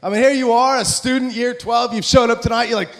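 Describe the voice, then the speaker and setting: American guy in his 40s, high-ish voice, excitable motivational speaker joking with a school crowd. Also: quick pace. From USA. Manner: excitable, animated, jokey. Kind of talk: live motivational talk.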